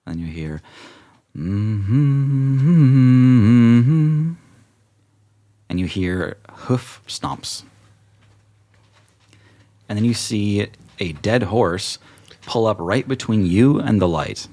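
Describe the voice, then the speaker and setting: A man with a very low voice runs a tabletop game. He narrates scenes in a relaxed, easy way and laughs often. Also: slow, pauses often. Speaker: game master.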